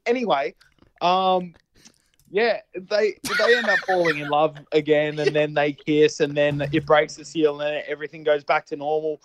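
A man recounting a film plot in rambling, animated casual chat, swearing freely. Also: fairly high pitch, normal speed, dull audio, a little hiss or hum.

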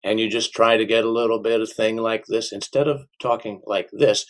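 A middle-aged man, an auctioneer, answering interview questions in an unhurried way, sometimes slipping into a rhythmic auction chant. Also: lowish voice, level tone, gravelly. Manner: unhurried, with restarts and a sing-song auction chant demo. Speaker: auctioneer and small business owner.

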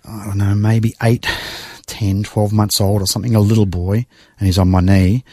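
A middle-aged Australian man with a fairly low voice recounts his past with open emotion, sighing and pausing between thoughts. The sound is close and dry, with almost no room around him. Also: little pitch movement, mellow, dry recording. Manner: emotional, reflective storytelling with sighs and pauses. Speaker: guest. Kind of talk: personal testimony in conversation.

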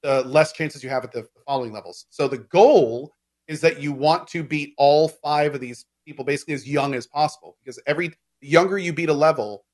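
Man, casual gaming chat, somewhat high pitch, long explanations, filler words. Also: fairly quick. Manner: explains at length with many fillers and restarts. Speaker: game discussion co-host.

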